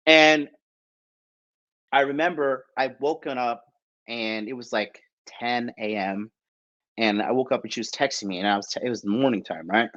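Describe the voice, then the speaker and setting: A man's voice: medium pitch, normal speed, a bit bright, highs cut off. A man telling a story in a casual, rambling way, swearing often and tagging lines with "right?". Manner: profane, rambling, keeps asking "right?". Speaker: podcast storyteller.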